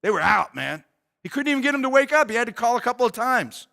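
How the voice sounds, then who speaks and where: A man's voice: very high voice, sing-song, fast talker, gravelly, sharp tone. A male pastor preaching a sermon in a casual, conversational way.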